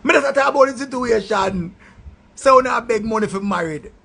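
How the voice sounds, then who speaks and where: A man with a Jamaican accent delivers a loud, insulting rant in patois. His voice sits high, with a gravelly, husky edge. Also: moderate pace. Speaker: online commentator. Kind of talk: ranting commentary.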